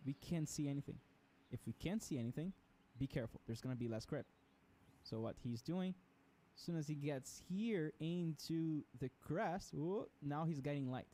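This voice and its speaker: A man coaching as he analyzes a racing lap, explaining it in an animated way and acting out the car's motion with little vocal sound effects. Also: on the high side. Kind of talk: instructional lap analysis commentary.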